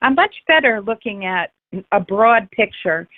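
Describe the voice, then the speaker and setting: A woman's voice: medium pitch, expressive, unhurried. Frank woman on a tinny phone line. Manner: frank and passionate, swears freely, rambling restarts. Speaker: trader, interview guest. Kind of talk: candid personal interview.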